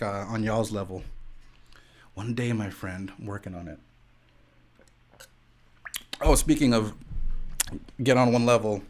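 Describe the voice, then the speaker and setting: A young man chatting casually on a home live stream, rambling and laid-back, with lots of "like" and "dude". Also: medium pitch. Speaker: streamer and podcast host. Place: home room.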